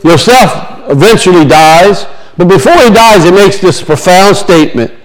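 A man's voice: high voice, lively intonation, normal speed, low-quality recording. A man preaching a sermon, reading scripture aloud and then expounding on it with emphatic repetition. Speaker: pastor.

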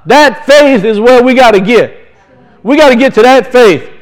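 A man's voice: extremely high pitch, normal speed, rough recording. A middle-aged man preaching a sermon as a pastor, talking conversationally, asking rhetorical questions and telling folksy stories.

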